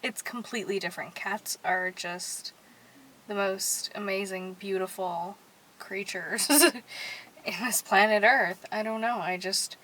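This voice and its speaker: A woman's voice: medium pitch, takes it slowly, fairly bright tone, a little hiss or hum, rough recording. A young woman vlogging casually to her viewers from a parked car at night, bubbly and chatty, sometimes dropping to a whisper. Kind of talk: casual rambling chat to viewers.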